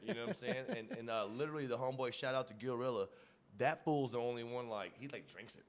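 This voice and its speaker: A man's voice: mid-range voice, lively intonation, quick pace. Podcast guy telling crude funny stories, laughs a lot, medium voice. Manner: profane, storytelling, laughs often. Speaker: podcast co-host. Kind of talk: casual chat.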